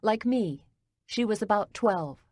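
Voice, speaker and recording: A woman reading a cozy mystery audiobook as narrator, in a calm, even storytelling manner. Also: mid-range voice, slow pace, no echo.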